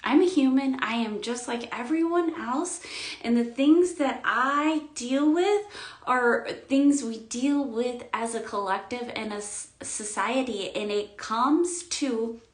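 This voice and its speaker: A woman giving an emotional spiritual monologue, swinging between loud outbursts and quiet murmurs, near tears. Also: a little high, slow pace, echoey room. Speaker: spiritual vlogger.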